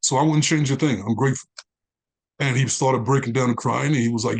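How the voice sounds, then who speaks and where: A man, a guest in an interview, telling his life story with animated quoted dialogue. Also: mid-range voice, fairly quick. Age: 40s.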